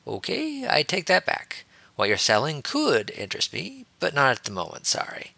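Man reading as a cheeky blunt young wizard, dismissive, bright forceful voice, dry sound. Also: on the low side, lively intonation, moderate pace, no echo. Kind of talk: audiobook reading.

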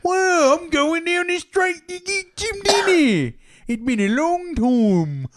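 A man's voice: extremely high pitch, sing-song, background noise, heavily acted. A man putting on Johnny Australia, a drawling Aussie bloke. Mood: cheery. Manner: drawled, slow exaggerated delivery. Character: boisterous Australian man, bungling limerick teller.

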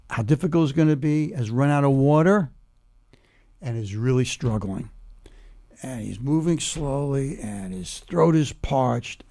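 A man in his seventies explaining humor in conversation and telling a joke slowly, step by step, with pauses. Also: medium pitch, vocal fry, breathy edge. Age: 70s. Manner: animated, builds jokes slowly with pauses.

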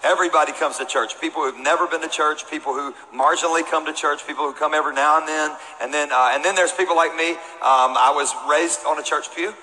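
A Texan man in his forties preaches from the stage of a large church, his voice bright and a touch high. He tells stories in a playful, joking way and teases the crowd, with faint noise underneath. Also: fairly even intonation, fast talker, hardly any pauses, in a large hall, low-quality recording. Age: 40s. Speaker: pastor. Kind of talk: sermon.

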